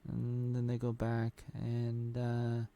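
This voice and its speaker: A man's voice: mid-range voice, monotone, takes it slowly, warm tone. A man giving a casual spoken recap of a show's episodes, rambling loosely and restarting his sentences often. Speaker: show reviewer.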